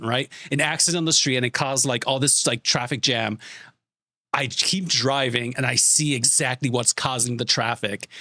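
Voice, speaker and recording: Bright-voiced man ranting to his chat. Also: medium pitch, no room sound, studio quality. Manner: exasperated, swearing, animated retelling. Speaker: streamer. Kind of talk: casual ranting story to chat.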